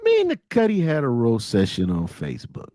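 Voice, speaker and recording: Animated, profane man in his forties. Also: medium pitch, fairly quick, dry recording, clean studio sound. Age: 40s. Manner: animated storyteller, acts out quotes. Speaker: podcast co-host. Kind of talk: casual profane banter.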